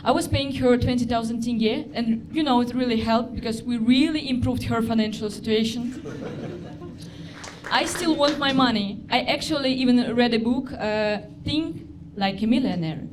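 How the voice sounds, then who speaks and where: A young woman from Russia with a Russian accent, performing a deadpan stand-up routine in halting non-native phrasing. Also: fairly high pitch. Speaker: stand-up comedian. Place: comedy club stage. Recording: live club with audience noise.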